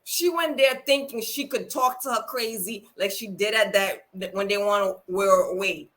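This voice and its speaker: Bright-voiced woman chatting bluntly. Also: medium pitch, moderate pace. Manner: blunt, lively, acts out quotes. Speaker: reality TV review host. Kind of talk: casual chat.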